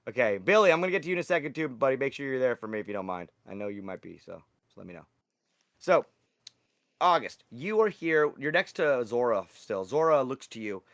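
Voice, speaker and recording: A man's voice: medium pitch, lively intonation, a little fast, fairly bright tone, no room sound, clean studio sound. A young man running a tabletop game as dungeon master, narrating in a loose, rambling way and swearing casually.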